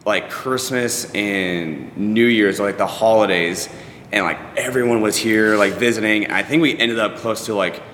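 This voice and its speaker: A fitness coach, a man, tells stories animatedly, leaning on "like" as he goes. His voice is bright and forceful, and it rings around a roomy space with a long reverb tail and a faint rumble underneath. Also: unhurried. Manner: animated storyteller, peppered with "like". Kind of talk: casual podcast chat.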